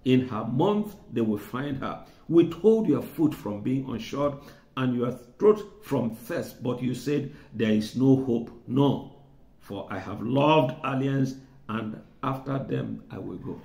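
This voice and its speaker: A man preaching a sermon in a chatty, teaching way, driving points home by repeating words. His voice has a gravelly edge at a middle pitch. The sound is roomy and echoey. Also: slow, mellow. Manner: conversational, repeats words for emphasis, chuckles.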